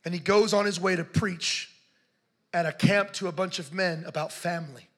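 A man telling a story in a sermon, passionate and building to shouts as he preaches. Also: high-pitched, normal speed.

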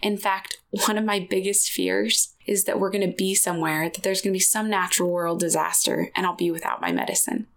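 A woman's voice: fairly low pitch, fairly even intonation, a little fast, gravelly, few pauses, fairly bright tone. A woman host in her thirties candidly telling a personal story on her podcast. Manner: candid, emotional, confessional.

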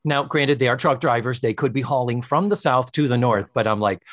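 A man's voice: medium pitch, no echo, clean studio sound. A man co-hosting a podcast, chatting casually as he recaps a sitcom episode and acts out the characters' lines. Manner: animated, acts out characters' lines in quick voices. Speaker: podcast co-host.

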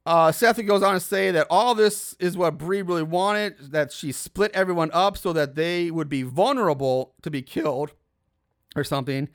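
High-voiced man casually recapping a film. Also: normal speed. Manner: laughing, incredulous asides, swears freely. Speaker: podcast host recapping a film.

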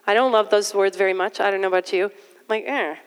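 Middle-aged woman preacher, smooth resonant voice, chatty sermon delivery, long hall reverb. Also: mid-range voice, flat delivery, quick pace. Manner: conversational, self-deprecating asides.

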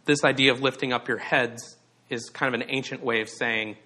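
A man preaching a Sunday sermon with a bright, clear-edged voice. He leans on key words for emphasis and poses rhetorical questions to his listeners. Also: mid-range voice, fairly even intonation, brisk. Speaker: pastor.

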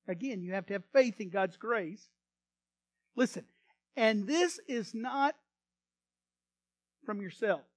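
A male pastor delivering a sermon in a high voice. He swings from loud, emphatic passages to quiet, hushed asides and has the congregation repeat lines after him. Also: lively intonation, slow, pauses often, dry recording. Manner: repeats words when starting phrases.

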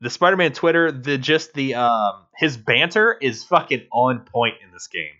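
A man's voice: medium pitch, lively intonation, moderate pace, sharp tone, highs cut off. A man co-hosting a casual game review podcast, rambling and restarting his sentences, swearing offhandedly. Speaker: podcast co-host.

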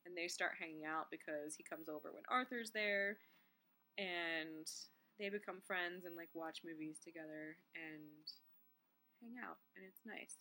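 Young woman walking through a movie plot, super bright voice, easygoing. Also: on the low side, a little slow. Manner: laughs often, explains plot in a relaxed way. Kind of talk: casual movie recap chat.

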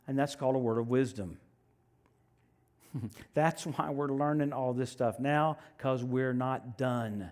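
A man preaching a sermon, telling personal stories with animated swings from loud proclamations to hushed asides. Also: medium pitch, slow, long pauses. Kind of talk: sermon with storytelling.

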